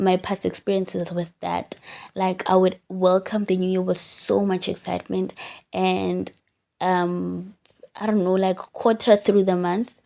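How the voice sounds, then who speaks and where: A woman's voice: lowish voice, creaky, warm tone. A young woman hosts her own podcast, talking casually and candidly from her bed while chewing gum. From South Africa. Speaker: podcast host. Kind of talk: casual reflective monologue. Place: lying on a bed at home.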